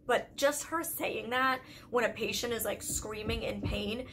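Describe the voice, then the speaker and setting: A woman's voice: on the high side, measured pace, a bit bright, faint music behind. Chatty young Canadian woman, candid vlog. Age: young adult. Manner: chatty, candid, lots of "like" fillers. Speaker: YouTube vlogger. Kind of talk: casual storytelling vlog.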